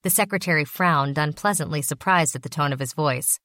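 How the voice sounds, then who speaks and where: A woman narrating an audiobook in a steady, even reading voice. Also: low-pitched, fairly quick, dry recording, studio quality.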